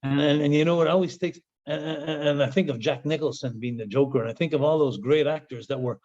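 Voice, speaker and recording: Male interview guest, animated storyteller, fairly high voice, dull lo-fi sound. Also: quick pace. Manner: animated, laughing, repeats words often. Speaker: guest, former pro wrestler.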